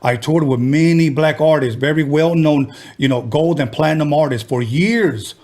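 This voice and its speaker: A man's voice: a little high, normal speed, darkish tone. A man hosting a podcast, talking bluntly and animatedly in casual chat, swearing freely. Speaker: podcast host.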